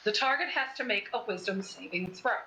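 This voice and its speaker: A woman's voice: medium pitch, fairly quick, bright, forceful tone, rough recording. A woman playing in a tabletop game, wry and decisive. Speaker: player. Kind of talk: casual tabletop game play.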